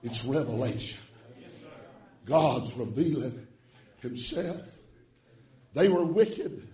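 A man preaching a revival sermon, swinging from hushed tones to chanted shouts with rhythmic "uh" breaths. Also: medium pitch, animated, slow pace, reverberant, far from the mic.

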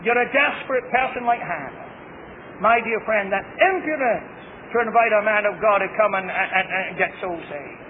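A man's voice: sits high, animated, moderate pace. Fervent preacher man on tinny recording. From Britain. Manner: fervent, repetitive, stammering restarts. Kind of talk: sermon. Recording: tinny phone-like archival recording with faint hiss.

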